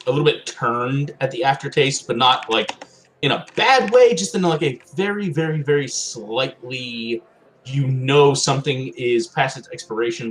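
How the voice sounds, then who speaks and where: Meandering, unhurried male game master. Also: mid-range voice, slight background noise, rough recording. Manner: meandering, hedging with filler words, slows down on descriptions. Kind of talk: narrating a tabletop game.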